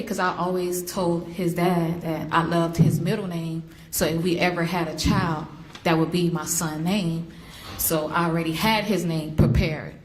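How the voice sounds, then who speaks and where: A woman speaking as a victim's mother in court, an animated storyteller who acts out the voices she quotes. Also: lowish voice, moderate pace. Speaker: victim's mother giving an impact statement. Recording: roomy courtroom, faint hiss.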